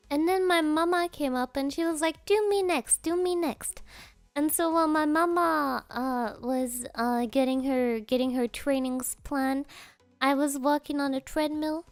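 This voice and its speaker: A woman streamer telling a rambling story in casual chat, giggling often and filling pauses with Japanese interjections. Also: high voice, dry recording.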